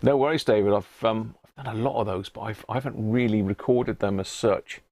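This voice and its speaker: A man's voice: lowish voice, steady tone, a little fast, a little mellow, no room sound. A middle-aged man hosts a casual live stream from his home workshop, chatting, greeting viewers by name and chuckling often. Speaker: livestream host.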